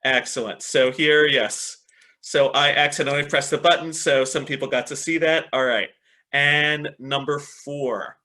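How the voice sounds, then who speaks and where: A man's voice: a little high, unhurried, sharp tone. A man presenting a teacher training webinar over a video call, upbeat and encouraging, often repeating "excellent" and checking in with "right?". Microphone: computer mic on a video call.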